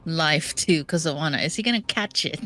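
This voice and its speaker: A woman's voice: sits low, lively intonation, brisk, a bit bright, soft background music. A woman playing in a tabletop game, thinking aloud and second-guessing her moves. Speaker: player.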